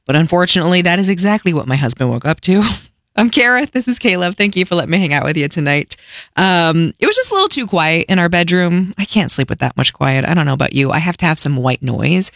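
A young adult woman hosting a radio show, telling a funny story in a casual, lively way and acting out voices. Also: lowish voice, fast, gravelly, no room sound, studio quality.

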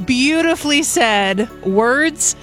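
A woman's voice: sits high, expressive, takes it slowly, a bit bright, faint music behind. A woman hosting a radio call-in segment, playful and encouraging as she talks with a caller. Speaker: radio host. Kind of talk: upbeat radio host chat. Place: radio studio. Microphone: studio microphone.

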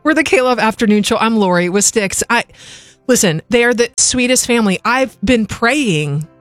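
A woman's voice: a little high, animated, normal speed, no echo. Woman radio co-host, young adult, candid chatty delivery, laughs easily. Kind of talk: casual on-air chat.

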